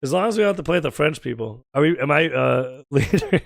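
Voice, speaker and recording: A teasing American man chatting with viewers while he plays. His voice sits a little high with a gravelly fry in it, and it sounds dry and close. He jokes and asks questions back to back. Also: expressive, no echo. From United States. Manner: joking, teasing, asks lots of quick questions. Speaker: gaming streamer. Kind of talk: casual live-stream chat with viewers.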